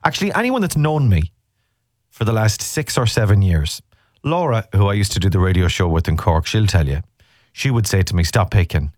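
A man's voice: lowish voice, expressive, a little fast, a little mellow, no room sound, clean studio sound. An Irish man hosting a radio show, chatting casually and teasing listeners as he rambles through the day's topics. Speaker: radio host. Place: radio studio.

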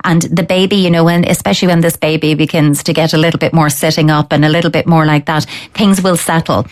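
Woman, low register, steady expert giving parenting advice. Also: fast. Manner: calm, firm, explains with acted-out child thoughts. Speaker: parenting expert answering listener letters. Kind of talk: advice on a radio or podcast show.

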